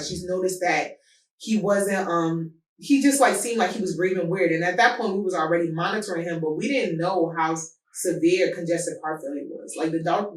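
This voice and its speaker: A podcast host gives personal advice in a casual, storytelling style, her animated voice swinging lively and jumping high whenever she tells a story. She sounds roomy, recorded at a distance from the mic.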